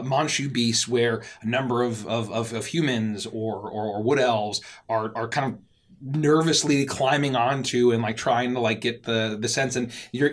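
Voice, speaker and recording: A man narrating as game master for a tabletop game, halting with many restarts. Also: medium pitch.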